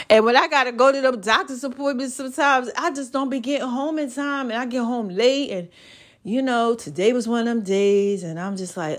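A woman with a slightly high voice, chatting in a rambling, folksy way on her podcast. She sounds worn out, yet she keeps exhorting her listeners like a small sermon. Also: fairly quick. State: tired. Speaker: podcast host. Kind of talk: casual, preachy motivational chat.

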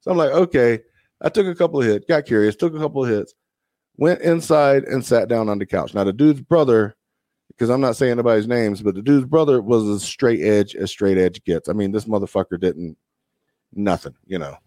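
A man's voice: on the low side, a little fast, warm tone, no room sound. A young man, a podcast co-host, telling a long profane story in casual chat and acting out the people in it. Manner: profane, drawling anecdotes with acted-out quotes.

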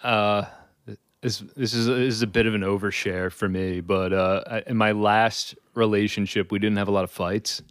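Low, smooth-voiced man in casual chat. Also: fairly even intonation, no echo, studio quality. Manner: halting, many fillers, easygoing. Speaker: podcast co-host.

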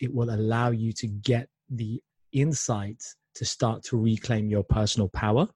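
A man hosting a podcast, chatting easily with his guest. His voice is husky and slightly breathy, and the recording is dry and close with no room sound. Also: on the low side, a little mellow, no echo. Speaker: podcast host. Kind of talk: casual interview chat.

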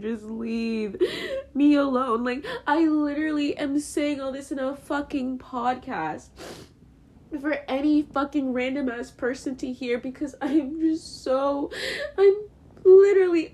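High-voiced young woman venting rawly. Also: darkish tone. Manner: raw, profane, repetitive venting. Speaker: podcaster. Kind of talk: emotional podcast monologue.

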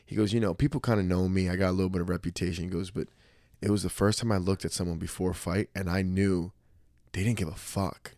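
A man's voice: sits low, steady tone, fast talker, a little mellow, dry recording, clean studio sound. A man in his thirties, from New Jersey, chatting casually on a podcast, swearing often and acting out the people in his stories. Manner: profane, storytelling, acts out quoted voices. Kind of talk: casual chat.

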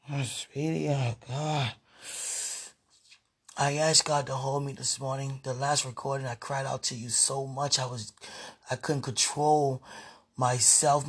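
A man giving an intimate spiritual monologue, breathy and halting. He hums and murmurs between phrases and often trails off with "you know". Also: medium pitch. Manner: opens in a hushed whisper. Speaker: podcaster.

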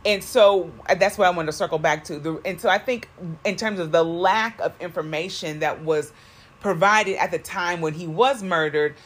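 Speaking at a normal pace with a voice on the low side, a woman co-hosts a casual podcast chat from inside a car. She rambles, often restarting her thoughts and padding them with fillers.

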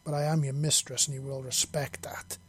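A man voicing a fierce, commanding alien warrior woman who speaks in a stern, domineering and halting way. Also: mid-range voice, little pitch movement, breathy edge, no echo, close to an everyday voice.

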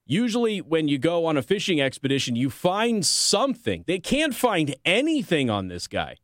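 A man's voice: on the high side, wildly swooping pitch, normal speed, a bit bright, dry recording, studio quality. A man hosting a political commentary show, reading news articles aloud and breaking in with sarcastic, combative asides. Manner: sarcastic, combative asides between read passages.

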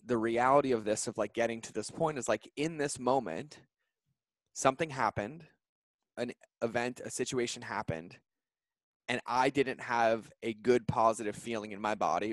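A man in his thirties, a podcast guest, telling an emotional personal story in an earnest, heartfelt way with fast run-on phrasing. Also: mid-range voice, dry recording. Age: 30s.

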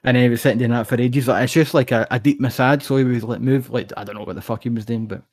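A young Scottish man rattles through a rambling story at a quick clip, swearing freely as he goes. His voice sits in an ordinary middle register. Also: mid-range voice, steady tone, a little mellow. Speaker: podcast co-host. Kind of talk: casual chat.

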